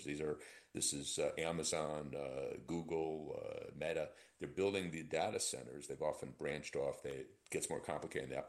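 A man speaking as an economist guest in an interview, animated and sardonic, with many fillers and restarts. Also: rumbling low. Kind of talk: conversational expert commentary.

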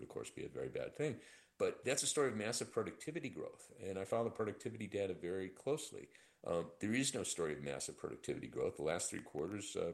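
Man, very low voice, economist guest, sardonic, animated, lots of fillers. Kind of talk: conversational expert commentary.

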